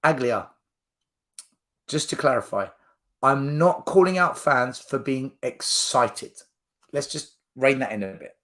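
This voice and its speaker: A man hosting a football fan channel, ranting to camera in a blunt, argumentative way. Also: on the high side. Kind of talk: fan opinion rant to camera.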